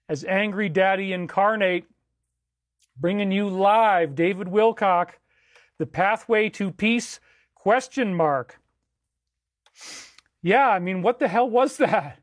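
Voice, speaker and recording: A man's voice: high voice, slow pace, long pauses, no room sound. Man, livestream host, casual rambling chat, dry close sound. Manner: relaxed, rambling, thanks viewers.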